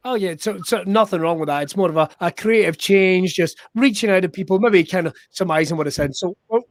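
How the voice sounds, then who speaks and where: A Scottish man hosting a podcast with a bright, high voice. He talks like an upbeat showman and cracks jokes. The sound is close and dry. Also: fairly quick, dry recording. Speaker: podcast host. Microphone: remote call.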